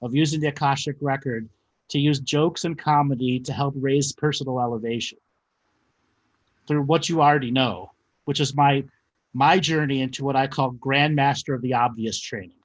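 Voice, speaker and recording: A man's voice: mid-range voice, steady tone, moderate pace. A man hosting a call-in show, chatting and joking with callers and laughing often. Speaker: host.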